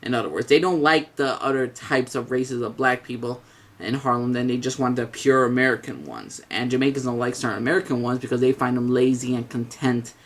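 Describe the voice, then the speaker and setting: Man, casual video review, rambling, lots of ums and restarts, blunt, mid-pitched voice. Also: brisk. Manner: rambling, hesitant, with many fillers and restarts; blunt, mild swearing.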